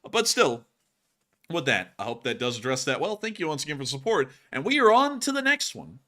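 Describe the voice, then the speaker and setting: A young man hosting a live stream, chatting casually and thanking viewers for donations. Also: a little fast. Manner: excitable, laughs and breaks into high yelps. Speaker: host.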